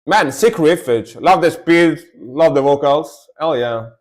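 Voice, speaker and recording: A man with a somewhat high-pitched voice chatting casually on a live stream as he reacts to songs. He talks with easygoing enthusiasm, says his points twice over and drops in the odd swear word. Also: measured pace.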